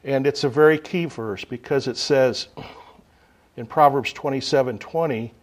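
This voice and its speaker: Man preaching, loud then hushed. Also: mid-range voice. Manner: unhurried, with sudden swings between loud emphasis and quiet asides. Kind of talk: sermon.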